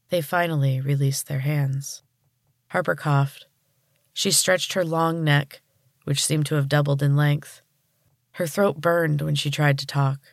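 A woman podcast host reading a story aloud in calm, even narration. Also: low-pitched, no echo, studio quality.

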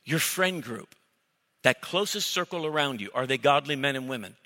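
A middle-aged male pastor preaches with a very bright, cutting voice that rings through a reverberant church hall. His delivery is blunt and emphatic, punching out lines and firing off mock arguments. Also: medium pitch, lively intonation, moderate pace. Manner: emphatic, blunt preaching with sudden loud mock-dialogue bursts. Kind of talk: sermon.

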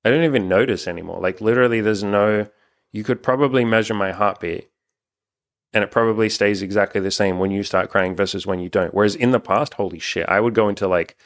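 Low-voiced, frank, swearing young man. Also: fairly quick. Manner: rambling, frank, swears often. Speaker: relationship coach and channel host. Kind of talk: casual couple's chat on camera.

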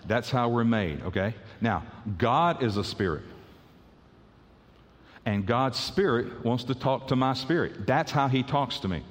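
Pastor preaching in a reverberant hall. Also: male voice, mid-range voice. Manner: conversational, repeats words as he restarts. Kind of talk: sermon.

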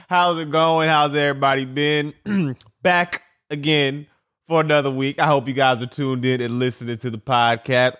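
A young man with a high voice hosts a comedic solo podcast, telling a rambling story. He swings his pitch up and down for comic effect and trips over his words, circling back to repeat himself. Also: normal speed, a bit bright. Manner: rambling, repeats and restarts phrases. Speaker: podcast host.

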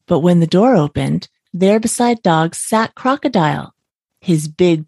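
A woman with a somewhat low voice reads a bedtime story in a calm, even way. She sits close to the mic in a dry space with no room sound. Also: dry recording.

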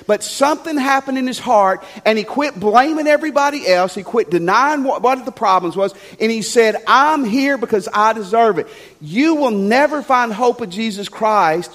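Lively, high-voiced man preaching a sermon. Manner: animated storytelling, swinging between loud and hushed. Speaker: pastor. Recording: long church hall reverb.

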